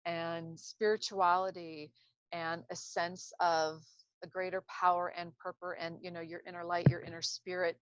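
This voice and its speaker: A woman's voice: fairly low pitch, little pitch movement, moderate pace, clear, resonant tone, no echo. A woman speaking unscripted about healing, rambling and searching for words as she goes. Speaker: speaker on trauma recovery. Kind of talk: casual unscripted talk to camera. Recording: dull lo-fi self-recording.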